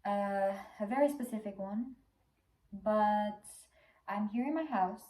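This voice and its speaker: A young woman talking to camera in a casual personal vlog from her home, speaking softly and haltingly. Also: medium pitch, echoey room. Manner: soft, tearful and halting, with small laughs. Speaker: vlogger.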